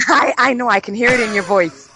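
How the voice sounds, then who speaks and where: A woman's voice: on the high side, brisk, sharp tone, a little hiss or hum. A woman in her forties from Miami, a guest on a phone-in chat, telling stories playfully and laughing often. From Miami, Florida. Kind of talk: casual chat on a phone call.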